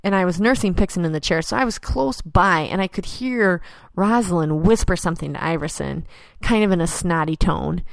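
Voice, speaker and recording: A woman's voice: fairly low pitch, fairly quick, creaky, no echo. A woman in her thirties hosting a podcast, telling stories in an upbeat, casual way and acting out the voices of people she quotes. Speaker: podcast host. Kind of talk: casual storytelling monologue.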